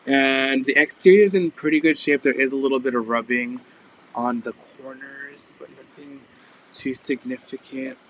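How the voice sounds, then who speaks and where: Hoarse man hosting a live sale. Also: mid-range voice, fairly even intonation, moderate pace, slight background noise, poor audio. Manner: chatty, describes items in detail. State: hoarse, losing his voice. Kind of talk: casual live-stream sales pitch.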